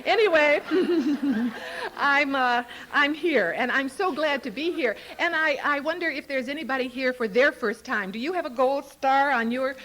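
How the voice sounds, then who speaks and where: Older lady giving a talk to a crowd in a hall, animated and laughing, kinda high voice. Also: moderate pace, a little hiss or hum. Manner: animated, playful, laughing storyteller. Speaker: Al-Anon speaker. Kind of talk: speech to a recovery convention. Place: hall with a live audience.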